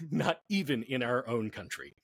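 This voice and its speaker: A man's voice: medium pitch, unhurried, husky, no echo. A man as a podcast guest, telling history in a casual, jokey way. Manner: animated, jokey storyteller.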